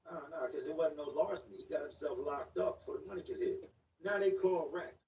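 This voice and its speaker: A man's voice: a little high, a little fast, vocal fry, darkish tone. A man telling a story in a casual, slangy way, repeating words for emphasis. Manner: slangy, repetitive street talk. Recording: echoey room, distant mic, faint noise.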